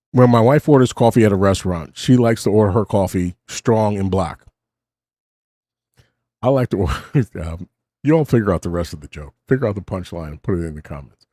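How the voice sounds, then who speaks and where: Man, middle-aged, low voice, dry close studio sound, rambling late-night host, self-interrupting, short on sleep. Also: mellow, no echo. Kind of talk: casual rambling talk. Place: home studio. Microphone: studio mic with cough button.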